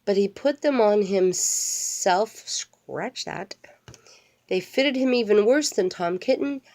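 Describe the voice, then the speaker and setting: Reading slowly in a mid-range, somewhat dark voice, an older woman shares a storybook with her grandchild. She talks directly to the little one, often straying into playful, chatty tangents.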